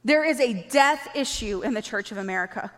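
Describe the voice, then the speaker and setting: A woman with a high voice preaches a sermon, her words ringing with the long reverb of a large church hall. She is animated and slips into little acted-out exchanges. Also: brisk. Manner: animated, acts out quoted dialogue.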